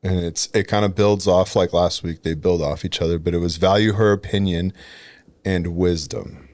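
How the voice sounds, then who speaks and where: A man in his thirties with a very deep voice co-hosts a relaxed talk about marriage. His speech is hesitant and full of restarts, recorded dry and close in a studio. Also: moderate pace, no room sound. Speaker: podcast co-host. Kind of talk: casual marriage chat.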